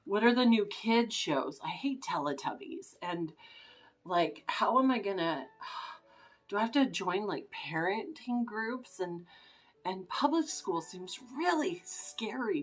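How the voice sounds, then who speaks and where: A woman's voice: mid-range voice, expressive, takes it slowly. A middle-aged woman vlogging in a casual, rambling way, anxious and emotional, full of fillers and restarts. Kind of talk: casual rambling vlog chat.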